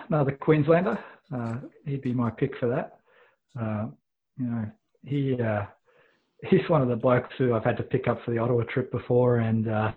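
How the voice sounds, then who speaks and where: Guest, man, low and husky, hesitant, over a tinny call line. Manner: hesitant, many fillers. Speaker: guest, club member. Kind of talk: casual podcast interview.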